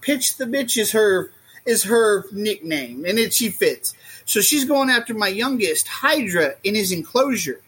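A man talking as a guest in a casual podcast chat, rambling and animated, often acting out what others say. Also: high-pitched, a little slow, husky. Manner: rambling and animated, acts out quotes. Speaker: guest, reptile keeper.

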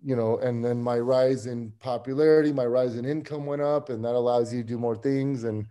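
A man with a warm, mellow voice at an ordinary pitch chats through his story as a podcast guest. His delivery is loose and easygoing, with restarts and frequent soft chuckles. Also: fairly even intonation, a little fast, clean tone. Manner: easygoing, rambling, chuckles often. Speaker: strength coach, podcast guest. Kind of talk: casual interview storytelling.

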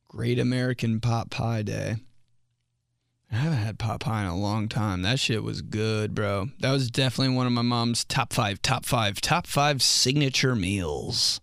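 A young man riffs through a solo comedy podcast, loose, profane and rambling, now and then jumping into high mock voices for a laugh. His voice sits at an ordinary pitch. He is recorded close on the mic in a very dry, dead room. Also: gravelly, a bit bright, smooth, no room sound. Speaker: podcast host.

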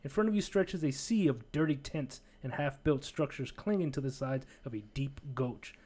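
A man's voice: mid-range voice, normal speed, mellow. A man casually reading a choose-your-own-adventure book aloud, breaking off with jokey asides. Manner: jokey, digressive, laughs at his own asides.

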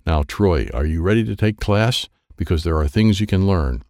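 A man's voice: deep voice, normal speed, darkish tone, no room sound, clean studio sound. A man voicing a stern, patient male karate master who gives firm, instructive commands. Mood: firm instructing.

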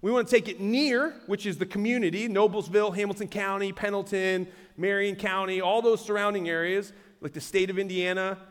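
A man, a pastor preaching a sermon in a conversational, animated way with asides to the congregation. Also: sits high, brisk, hardly any pauses, big-room sound. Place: large church auditorium.

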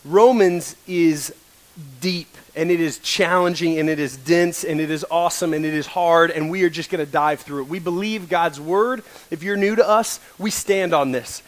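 A young man preaches to college students, his voice sitting a bit high. He speaks earnestly, gets emotional, and breaks the tension with self-deprecating jokes. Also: normal speed. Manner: earnest, emotional, joking asides. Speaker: college ministry pastor. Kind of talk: sermon. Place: coffee shop worship service.

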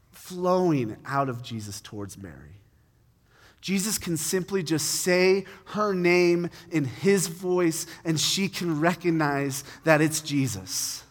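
A man preaching a sermon, retelling a scripture passage in a conversational, animated way with light laughter. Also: on the high side, long reverb tail.

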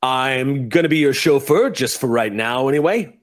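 A man's voice: medium pitch, moderate pace, lightly acted. A man voicing a crude male redcap chauffeur who talks around a lollipop in his mouth. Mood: gruff.

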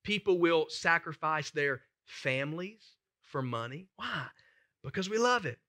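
A man's voice: on the high side, lively intonation, a little slow, pushed and bright. A man preaching a sermon as pastor, emphatic and conversational, putting questions to the congregation.

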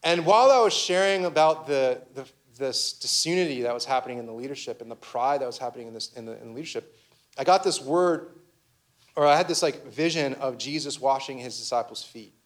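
A man's voice: medium pitch, fairly quick. A young man, a pastor, giving a conversational sermon full of personal stories, with many restarts and fillers.

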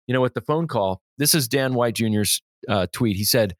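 A man, a pastor hosting a podcast, talking in a casual, animated way and reading quotes aloud. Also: medium pitch, normal speed, hardly any pauses, no echo, clean studio sound. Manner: animated storytelling, laughs easily, reads quotes aloud.

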